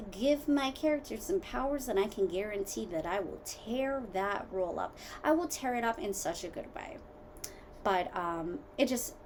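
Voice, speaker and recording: A woman's voice: mid-range voice, a little hiss or hum. Rambling woman podcast host at home. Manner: rambling, tangent-hopping, filler-heavy; animated, swings between loud asides and quiet mutters. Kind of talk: casual solo podcast chat.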